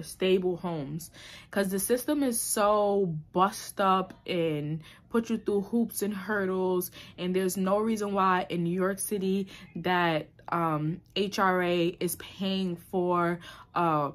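Young woman vlogger, low-pitched and candid, reflective, slips into emotion, lots of ums and restarts. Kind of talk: candid personal vlog. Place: New York City.

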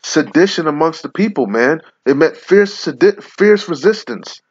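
A man's voice: fairly high pitch, expressive, moderate pace, slight background noise. A man giving an angry, profane rant in which he reads scripture aloud and lectures his listeners. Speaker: religious commentator. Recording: lo-fi muffled audio.

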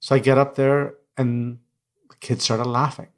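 A middle-aged man who works as a coach and speaker tells his life story as an interview guest, reflective and candid. English is not his first language. His mid-range voice shows little pitch movement, and he speaks a little slowly.

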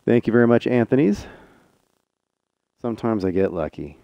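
Gravelly-voiced man streaming a tank game. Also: lowish voice, moderate pace, no echo, muffled recording. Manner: chatty, excitable, talks to teammates and chat. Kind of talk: live gameplay commentary.

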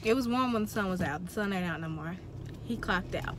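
A woman's voice: mid-range voice, expressive. Teasing young woman vlogging from a car. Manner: teasing, bossy, quick to laugh. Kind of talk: casual chat. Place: inside a car. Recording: loud car noise behind.

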